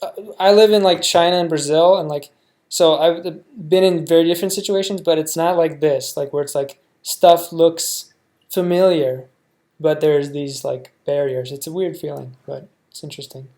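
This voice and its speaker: A young American man reacting to a show, thinking out loud in a rambling way, full of fillers and restarts. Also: a little high, fairly even intonation, moderate pace. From United States. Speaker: reaction video host. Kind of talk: casual reaction commentary.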